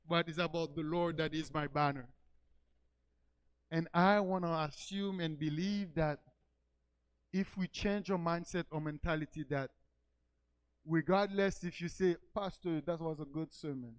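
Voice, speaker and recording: Male pastor, sermon storytelling, high clean voice, swells into fervent preaching. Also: steady tone, moderate pace, clean tone, poor audio. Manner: storytelling, rising to emphatic preaching cries.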